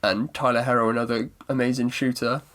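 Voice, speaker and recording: A man's voice: medium pitch, level tone, fairly quick, a bit bright. A man co-hosting a podcast, talking in a rambling, self-correcting, mock-serious way. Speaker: podcast co-host. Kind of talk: casual sports chat.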